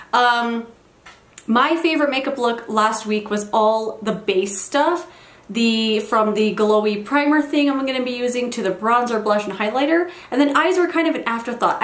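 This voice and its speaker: A young woman vlogs from her bedroom in a slightly high voice, rambling happily and tossing out self-deprecating asides. The camera mic picks up a lot of room echo. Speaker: beauty vlogger. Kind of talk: casual get-ready-with-me chat. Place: bedroom at home.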